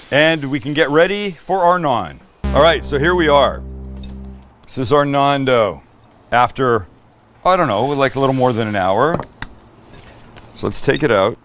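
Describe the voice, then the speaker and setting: Male cooking host, mid pitch, jokey, swears, casual demo. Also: a bit bright, highs cut off, slight background noise. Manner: upbeat, joking, swears freely.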